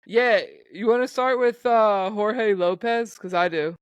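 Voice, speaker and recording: A man's voice: high voice, measured pace, clean tone, dry recording. A young man co-hosting a podcast, chatting casually in a laid-back, profane way. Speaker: podcast co-host. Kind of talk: casual chat.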